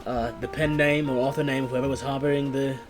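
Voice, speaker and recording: A man's voice: mid-range voice, little pitch movement, fast talker, close to an everyday voice. A man doing a persistent male investigator. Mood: earnest. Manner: earnest, persistent. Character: determined male investigator on a case. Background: guitar music.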